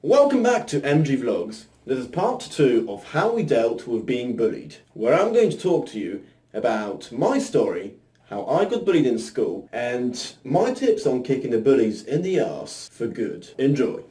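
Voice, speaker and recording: Lively cheeky young man vlogging. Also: mid-range voice, measured pace, distant mic. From Poland. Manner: cheeky, self-mocking, crude jokes. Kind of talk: scripted vlog monologue. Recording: roomy, mic set back.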